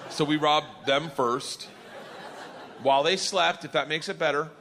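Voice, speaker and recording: A man's voice: fairly high pitch, moderate pace. A man doing brash, profane stand-up storytelling on stage. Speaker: stand-up comedian. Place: stage in a large venue. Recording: echoey live hall with faint noise.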